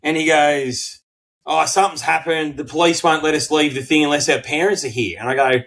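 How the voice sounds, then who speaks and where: A middle-aged Australian man co-hosting a podcast, telling a story in casual chat, swearing freely and acting out quotes in animated bursts. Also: on the high side, brisk, low-quality recording. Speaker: podcast co-host.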